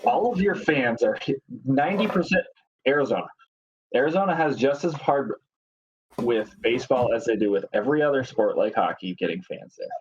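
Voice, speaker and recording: A man's voice: mid-range voice, animated, brisk, muffled recording, a little hiss or hum. A man co-hosting a podcast, giving blunt, opinionated takes in casual sports chat. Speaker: podcast co-host.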